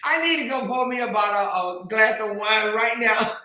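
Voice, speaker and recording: A woman hosts a livestream, talking slowly to her viewers in a bright, high voice. She laughs until she is in tears, breaking off mid-sentence again and again. The room around her is very echoey. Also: expressive, a little hiss or hum. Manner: talks straight to her viewers with lots of slang. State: crying with laughter. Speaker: livestream host reading chat. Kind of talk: casual chat.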